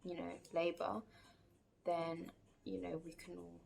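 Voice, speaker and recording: A woman's voice: fairly low pitch, completely flat delivery, measured pace, vocal fry, darkish tone, slight background noise. A woman telling a personal story in a casual, chatty vlog, full of fillers and acted-out quotes. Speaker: vlogger.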